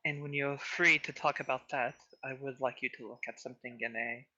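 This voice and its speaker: Bright, sharp player on a muffled mic. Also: medium pitch, steady tone, brisk. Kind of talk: tabletop role-play banter.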